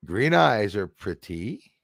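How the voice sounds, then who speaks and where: A man's voice: fairly low pitch, very animated, takes it slowly, creaky, no echo, studio quality. A man hosting a casual livestream, chatting loosely and reading out viewer comments with frequent laughs and fillers. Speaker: livestream host.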